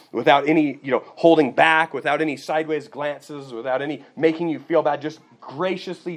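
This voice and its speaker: A man preaching a sermon, teaching in a conversational way and often checking in with his listeners with "okay" and "right.". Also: medium pitch. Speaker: pastor.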